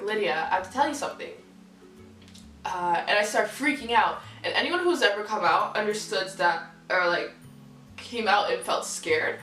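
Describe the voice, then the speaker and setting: A woman's voice: medium pitch, fairly bright tone, recorded from a distance. Young woman, candid vlog storyteller, swears freely, acts out quoted people, recorded roomy and off-mic with faint music. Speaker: vlogger. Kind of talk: casual storytelling to camera.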